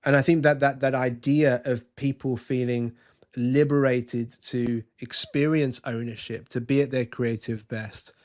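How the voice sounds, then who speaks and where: A man's voice: mid-range voice, fairly even intonation, measured pace, a little mellow. Earnest man telling a story. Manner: earnest, restarts often, tells anecdotes. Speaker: podcast guest. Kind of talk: conversational interview, storytelling.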